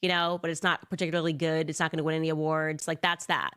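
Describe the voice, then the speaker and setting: A woman's voice: low-pitched, flat delivery, quick pace, a bit bright, clean tone. A woman giving casual, sarcastic political commentary, mocking as she talks. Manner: sarcastic, casual, filler-heavy.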